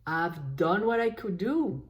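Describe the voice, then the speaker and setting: A woman leading a guided tapping session, slowly voicing frustration in short repeated phrases while naming tapping points. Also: lowish voice, lively intonation. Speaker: EFT tapping coach.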